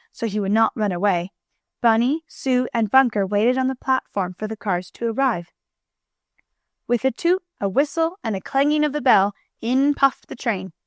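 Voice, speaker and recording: A woman narrating a children's storybook in a clear, even manner. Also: on the high side, no room sound, studio quality. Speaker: audiobook narrator.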